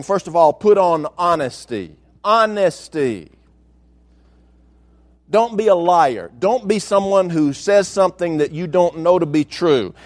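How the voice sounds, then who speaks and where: Man preaching, high voice, emphatic, slows down to stress words, church sermon. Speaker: pastor.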